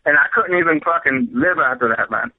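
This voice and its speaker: A man's voice: fairly high pitch, animated, a little fast. A man calling into a radio show, telling a story in a rambling, profane way that keeps repeating itself. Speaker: caller. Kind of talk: emotional call-in storytelling. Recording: dull phone-call sound on radio.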